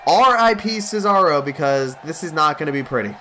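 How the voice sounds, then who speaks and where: A man giving mock play-by-play wrestling commentary over gameplay, excitable like a hype announcer. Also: a little high, fairly quick, slight background noise.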